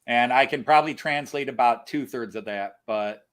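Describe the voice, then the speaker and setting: Man, casual live-stream chat, co-host, explains at length, lots of ums and uhs, mid-pitched voice. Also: normal speed, fairly bright tone. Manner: explains at length, thinks aloud with many fillers.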